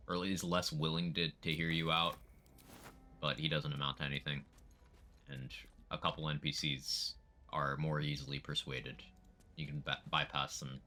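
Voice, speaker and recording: Deep-voiced man thinking aloud over gameplay. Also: sharp tone, slight background noise. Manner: thinks aloud, mumbling asides. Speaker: streamer. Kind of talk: casual gameplay commentary.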